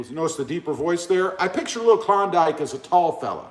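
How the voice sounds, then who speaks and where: Chatty man hosting a live stream. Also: brisk. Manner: rambling, joking, lively pitch swings. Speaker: livestream host. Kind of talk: casual live chat. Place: indoor room, 88 degrees. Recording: echoey room.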